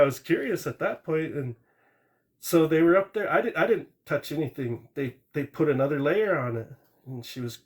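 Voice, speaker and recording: A man calling into a live stream and telling a true ghost story in a rambling, plain-spoken way, with small restarts and asides. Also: fairly high pitch. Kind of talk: casual storytelling.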